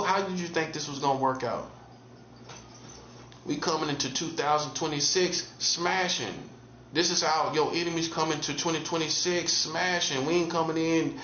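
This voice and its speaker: A man delivering a taunting monologue as a self-styled preacher, repeating phrases and swinging from mocking highs to low, earnest tones. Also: fairly bright tone, slight background noise. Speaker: street preacher. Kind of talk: provocative monologue. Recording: roomy dull lo-fi recording with faint ambience.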